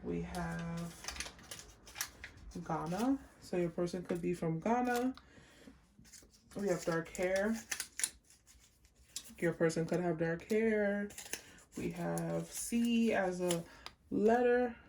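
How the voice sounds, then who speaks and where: Slow, gravelly-voiced woman reading tarot. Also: fairly low pitch, darkish tone, slight background noise. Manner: slow and chatty, listing card words one by one. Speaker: tarot reader. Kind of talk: casual pick-a-card tarot reading.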